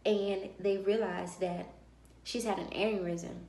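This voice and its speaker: A woman vlogger telling a personal story in a lively way and acting out the dialogue of others. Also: medium pitch, measured pace. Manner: animated, acts out dialogue. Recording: roomy echo.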